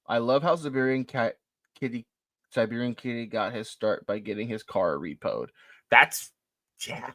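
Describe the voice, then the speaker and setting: A man's voice: medium pitch, moderate pace, fairly bright tone, no room sound. A man co-hosting a live stream, talking casually and rambling to his viewers. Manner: rambling, chatty, laughs often.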